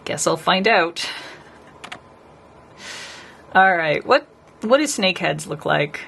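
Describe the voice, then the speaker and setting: A woman's voice: on the low side, expressive, slow, vocal fry, fairly bright tone, slight background noise. A woman nail artist chatting casually with her live stream viewers as she paints, rambling and talking to the chat.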